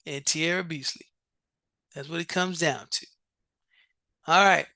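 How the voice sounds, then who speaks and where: A show host reads out vote results on a live stream in a slow, drawn-out way. The voice is bright and forward, with repeated words and restarts, and the sound is dry and close. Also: mid-range voice, dry recording. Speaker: competition coach and show host.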